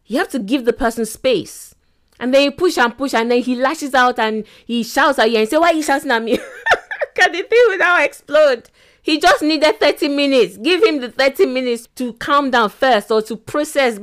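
A middle-aged woman hosting a self-help podcast, talking animatedly and acting out little quoted scenes with laughs. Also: on the high side. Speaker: podcast host.

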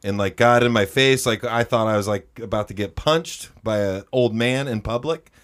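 Guy on a podcast telling a loose story with lots of likes, average pitch. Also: moderate pace, a bit bright. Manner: loose, filler-heavy storytelling. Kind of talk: casual chat.

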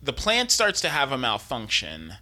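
A man's voice: medium pitch, wildly swooping pitch, moderate pace, sharp tone. A man recapping an episode in casual chat, swearing and laughing as he acts out the characters. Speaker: podcast co-host.

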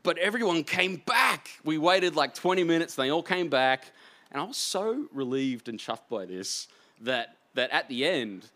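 A man, an author, telling rambling, animated stories in a live on-stage interview. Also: on the high side, normal speed. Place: stage before a live audience.

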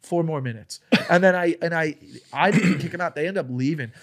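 Young comedian guy telling a story on a podcast, swears a ton, gets loud doing the other people's lines. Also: fairly high pitch, fairly quick. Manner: profane, animated, acts out quotes in raised voice. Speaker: stand-up comedian, podcast guest. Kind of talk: casual storytelling chat.

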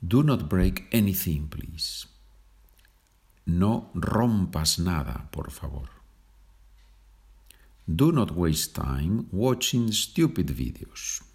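Brief Male podcast language teacher, deep husky voice, patient and chatty. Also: sing-song, a little mellow. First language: Spanish. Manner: slow deliberate example sentences, chatty asides ending in "okay?".

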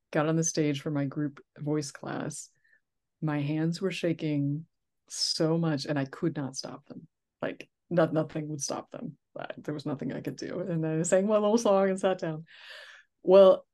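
A woman's voice: low voice, darkish tone. A woman talking as a guest in a casual conversation, chatty, with frequent restarts and laughs. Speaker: interview guest, therapist.

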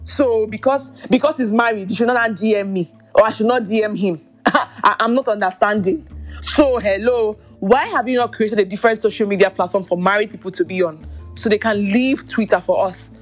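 A woman's voice: mid-range voice, normal speed, faint music behind. Exasperated woman. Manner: exasperated, incredulous, addresses listeners directly. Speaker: podcast host. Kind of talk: commentary on social media drama.

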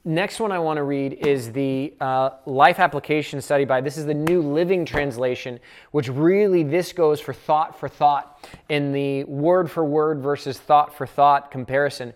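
Bible study teacher just chatting through the verses, easygoing and thinking out loud. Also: mid-range voice, fairly even intonation, moderate pace. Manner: conversational, thinks aloud while explaining.

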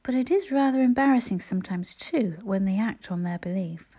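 A woman reading a classic children's story aloud with gentle, measured narration. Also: mid-range voice. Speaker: audiobook reader.

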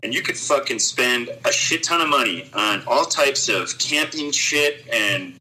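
A man's voice: mid-range voice, lively intonation, measured pace, sharp tone, low-quality recording. A man chatting casually on a podcast, rambling and swearing, full of "dude" and "you know". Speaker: podcast co-host, cycle traveler.

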